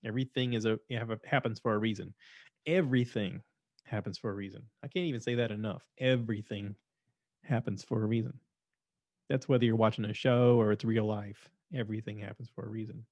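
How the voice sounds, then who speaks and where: A man's voice: on the low side, steady tone, a little fast, a little mellow, dry recording. A man hosting his own show, rambling in a casual, opinionated monologue and repeating himself. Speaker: podcast host. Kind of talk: casual monologue reviewing shows.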